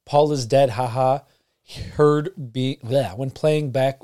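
A man co-hosting a podcast in casual chat, relaxed and rambling, with a frog in his throat. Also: medium pitch, slow pace. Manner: relaxed, rambling with fillers and laughs. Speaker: podcast co-host.

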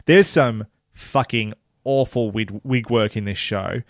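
A man, co-hosting a casual podcast chat about a TV show, animated and laughing often, swearing freely. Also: fairly low pitch, takes it slowly, no echo, clean studio sound. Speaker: podcast co-host.

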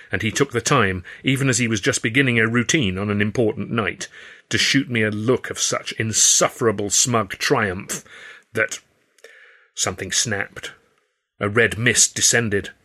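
A man narrating his own novel in the first person, in a wry, measured storytelling manner. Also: on the low side, pushed and bright. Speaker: author reading his novel.

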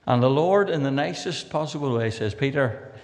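A man's voice: on the high side, lively intonation, a little fast, darkish tone, big-room sound, slight background noise. An older man with a Northern Irish accent preaching a sermon, reading scripture aloud with rising emphasis and dropping in dry, humorous asides.

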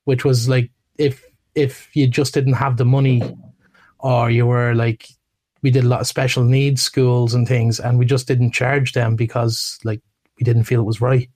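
A man speaking as a guest in a casual podcast interview. He talks in a relaxed, hesitant way with frequent ums and restarts. His voice sits at an average pitch. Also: moderate pace. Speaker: guest, massage therapist.

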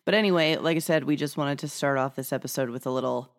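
A woman with a low voice co-hosts a podcast in loose, casual chat. She rambles, circles back on herself and restarts her sentences. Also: quick pace. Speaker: podcast co-host.

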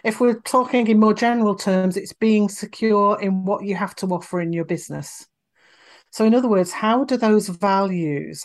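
Woman, voice coach guest on a podcast interview; expressive, explanatory delivery. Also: mid-range voice. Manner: expressive, demonstrates vocal examples.

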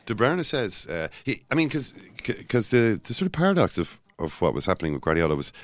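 A man co-hosting a casual football podcast, talking in rambling, self-interrupting runs with animated asides. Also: fairly low pitch, fairly quick, dry recording. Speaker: podcast co-host.

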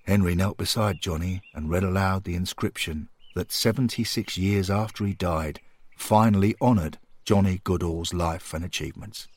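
A man narrating a scripted story in a calm, measured, earnest way. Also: deep voice. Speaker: podcast storyteller.

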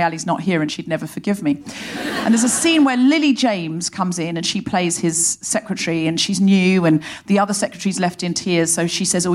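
A woman hosting a comedy podcast, delivering an animated, sardonic stand-up monologue on a live stage into a stage mic. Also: fairly low pitch. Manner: animated, sardonic, rapid comic storytelling. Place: live theatre stage before an audience.

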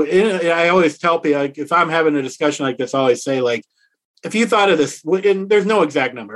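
A middle-aged man telling a personal story to an interviewer, reflective and earnest, slowing down to stress key words. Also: on the high side. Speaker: author and interview guest.

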